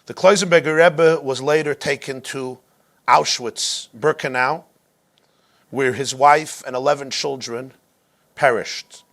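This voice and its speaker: A male rabbi teaching a class, telling a story dramatically and slowing down to stress key moments. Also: mid-range voice, fairly even intonation, a bit bright. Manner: dramatic, slows down for emphasis. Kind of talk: storytelling lecture.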